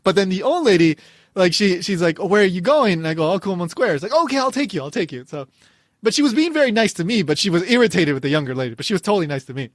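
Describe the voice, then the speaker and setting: A man with a higher-pitched voice tells a casual story on a podcast. He talks in an animated way, laughing often and stumbling over his phrases as he goes. The sound is dry and close, with no room echo. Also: fast talker. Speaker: podcast host.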